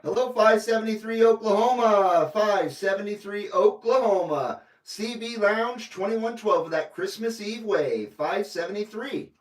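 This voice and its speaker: A man's voice: sits high, unhurried, few pauses. A man running a CB radio livestream, greeting callers by number in a friendly, rambling way. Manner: friendly, repeats call numbers, rambling asides. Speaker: CB radio operator hosting a livestream. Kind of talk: casual radio call-outs and chat. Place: radio station room in Carson City, Nevada. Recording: roomy, distant mic, faint noise.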